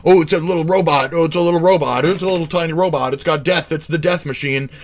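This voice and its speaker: A man's voice: a little high, fast talker, pitched above the performer's own voice, lightly acted. A man mocking a gushing sci-fi fan with an exaggerated, sing-song tone of awe.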